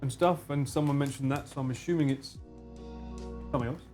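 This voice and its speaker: A young English man with an Essex accent, chatting casually on a stream, animated and swearing, slipping into broad slang. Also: medium pitch, fairly quick, soft background music. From England. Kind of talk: casual chat with a co-host and live chat.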